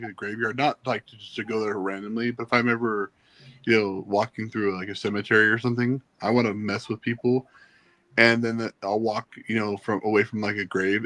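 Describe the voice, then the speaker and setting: A man's voice: medium pitch, fairly bright tone, no room sound. A man chatting casually on a stream, joking and telling playful stories. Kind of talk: casual chat.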